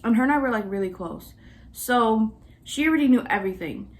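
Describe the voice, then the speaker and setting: A young woman in her twenties who vlogs in a chatty, animated way, full of exasperation and fillers. Her voice is fairly high for a woman. She tells her story casually to camera. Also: fairly quick. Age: 20s. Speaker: vlogger.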